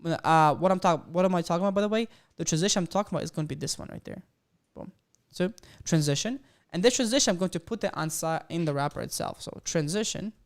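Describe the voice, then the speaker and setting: A man leads a live coding lesson and explains each step as he types. He gets excitable and cheers his viewers on, with loud bursts of hype between the explanations. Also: a little high, fast. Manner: excitable, hypes the audience. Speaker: coding instructor.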